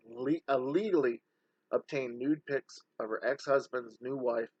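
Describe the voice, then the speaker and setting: Man, indignant commentary voice-over, scornful and heated, middle pitch, muffled lo-fi sound. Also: dry recording. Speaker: online scam-exposing commentator.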